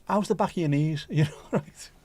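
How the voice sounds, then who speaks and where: A man's voice: a little high, a little fast, dark tone, breathy edge. A man with a mild Scouse accent hosting a casual livestream chat, joking and rambling cheekily. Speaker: livestream host.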